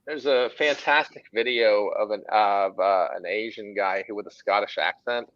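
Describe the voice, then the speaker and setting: This low-ish male voice belongs to a man in his forties with a Southern Texas accent, an artist and creative director chatting casually on a livestream at a moderate pace. He's an animated, rambling storyteller who restarts often. The audio has no echo, but the highs are cut off.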